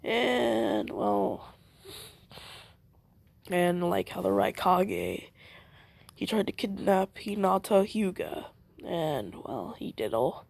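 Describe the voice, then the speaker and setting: Rambling fan storyteller, slow and gravelly. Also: medium pitch, animated, no echo. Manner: rambling, full of fillers and self-corrections.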